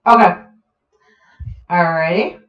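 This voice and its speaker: A woman narrating a tabletop game as game master, slow and hesitant with vivid, gory descriptions. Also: fairly low pitch, a crowd in the background. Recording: roomy, muffled home recording.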